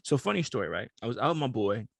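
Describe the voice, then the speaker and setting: A man's voice: medium pitch, sing-song, fast, vocal fry, husky, no room sound, clean studio sound. A young man co-hosting a podcast, telling stories in casual slang-filled chat and laughing often. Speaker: podcast co-host.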